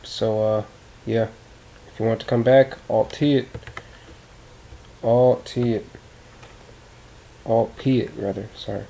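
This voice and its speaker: Casual gravelly-voiced man tutor. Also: lowish voice, fairly even intonation, takes it slowly, long pauses, warm tone, rough recording. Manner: casual, rambling, self-correcting. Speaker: tutorial host.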